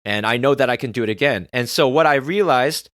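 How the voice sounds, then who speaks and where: A man hosting a podcast in a candid, confessional monologue, his voice at a middle pitch and swearing freely. The recording is dry and close. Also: fairly quick, fairly bright tone, dry recording. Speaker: podcast host. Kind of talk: personal reflective monologue.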